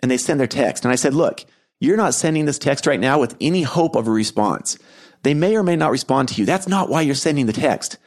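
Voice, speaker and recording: A middle-aged man speaks in a voice of ordinary pitch, telling a personal story for his podcast. His manner is earnest and gentle, reflective, with soft laughs here and there. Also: expressive, fairly quick. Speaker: podcast host and keynote speaker.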